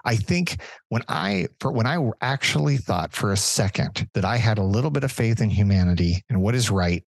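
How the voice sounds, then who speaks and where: A man's voice: lowish voice, husky, no echo, low-quality recording. Furious, profane man ranting on a podcast. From Southern California. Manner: angry, profane, animated ranting. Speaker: podcast co-host. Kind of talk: casual podcast rant.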